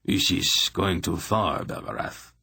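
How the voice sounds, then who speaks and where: A man voicing an excitable, plaintive male king in an audiobook, protesting and quick to shout. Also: sits low, gravelly, slightly rough, dry recording, studio quality, heavily acted. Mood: agitated.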